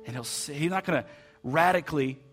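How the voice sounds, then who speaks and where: A man's voice: fairly high pitch, brisk, over music. Man preaching a heartfelt sermon. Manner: heartfelt, repeats words, soft quotes. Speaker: pastor. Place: church sanctuary.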